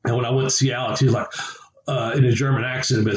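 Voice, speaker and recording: A former wrestler co-hosting a podcast rambles through stories with chuckles, acting out quoted voices in casual chat. His medium-pitched voice is fairly even and quick. The room echoes, the highs are cut off, and there's slight background noise.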